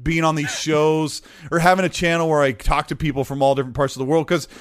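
A man's voice: fairly high pitch, level tone, quick pace, clear, resonant tone, no echo, studio quality. A man hosting a live stream, chatting casually and reading out viewer messages. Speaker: streamer host.

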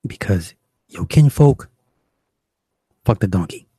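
A man's voice: lowish voice, expressive, takes it slowly, warm tone, slightly rough, dry recording. A young man doing stand-up, telling a crude story in a profane, exasperated, rambling way. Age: young adult. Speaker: stand-up comedian.

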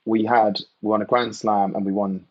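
A man from England with a low, husky voice answers questions in a relaxed, reflective way and leans on "you know" and "mate". The sound is dry and a little muffled, like a podcast recorded in a small, dampened room. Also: normal speed, no echo. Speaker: podcast guest, retired rugby player. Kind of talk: casual podcast chat.

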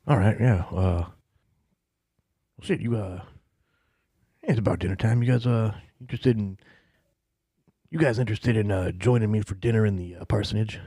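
A man's voice: on the low side, normal speed, long pauses, dark tone, slightly rough, no echo, clean studio sound. A man doing a laid-back boozy young pastor. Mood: casual. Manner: casual, drawling, swears offhandedly. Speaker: small-town pastor.

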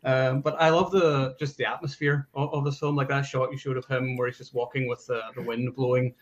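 A man's voice: medium pitch, little pitch movement, fairly quick, muffled recording. A man in a casual movie discussion, easygoing with frequent fillers. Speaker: podcast panelist.

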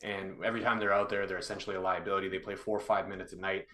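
A man appearing as a guest analyst on a hockey podcast, talking through plays in a measured, analytical way with many fillers. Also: sits low, little pitch movement, bright, forceful tone. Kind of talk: casual hockey podcast chat.

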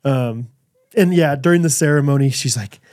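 A man's voice: medium pitch, moderate pace. A man co-hosting a podcast, rambling through anecdotes in casual chat with lots of fillers. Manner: rambling, warm, many fillers like 'like'. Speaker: podcast co-host.

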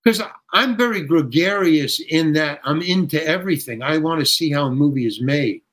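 Here a guest actor from the United States, an older man with a slightly high voice, tells a lively story at a normal pace. He acts out the quoted voices and often breaks off to restart his sentences without losing momentum. The audio quality is rough.

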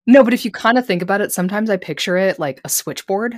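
A woman's voice: medium pitch, fast, dry recording, studio quality. A woman co-hosting a fan podcast in casual, rambling chat, joking and self-deprecating. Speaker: podcast co-host. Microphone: plugged into a laptop.

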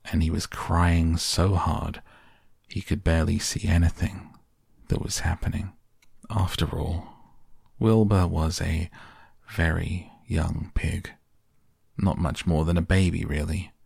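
Male sleep-audiobook reader: low, husky, unhurried. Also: no echo, studio quality. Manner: slow, soft and even. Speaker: podcast reader. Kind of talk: calm audiobook narration for sleep.

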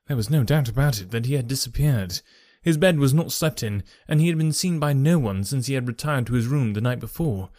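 A man's voice: mid-range voice, animated, fairly quick, hardly any pauses, a little mellow, dry recording, clean studio sound. Man narrating a story formally. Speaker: audiobook narrator. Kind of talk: scripted narration.

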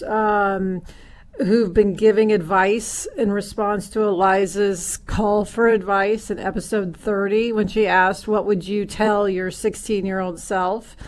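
A woman's voice: medium pitch, fairly even intonation, a little slow. A woman co-hosting a podcast, talking in an easygoing, casual way. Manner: easygoing, conversational with fillers. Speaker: podcast co-host.

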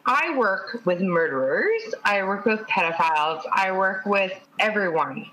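A woman's voice: medium pitch, big pitch swings, a little slow, fairly bright tone, slight background noise, rough recording. A woman from Canada, a social worker, talking earnestly and at length on a video chat. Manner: earnest, talkative.

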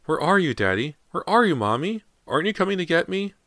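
A man's voice: high-pitched, big pitch swings, a little fast, a bit bright, dry recording, clean studio sound, voice pushed up. A man voicing a tiny, ghostly young boy who plaintively calls for his parents. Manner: plaintive, pleading.

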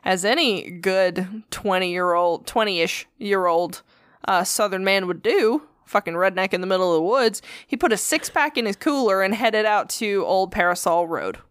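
A woman's voice: medium pitch, normal speed, clear, resonant tone, no echo, studio quality. A woman co-hosting a podcast, telling a story in casual, profane chat and acting out the quotes. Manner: profane, chatty, acts out quotes. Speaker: podcast co-host.

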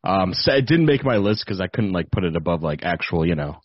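A man's voice: deep voice, lively intonation, a little fast, no room sound, muffled recording. A man hosting a podcast in a loose, chatty way, swearing freely. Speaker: podcast host. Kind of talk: casual chat.

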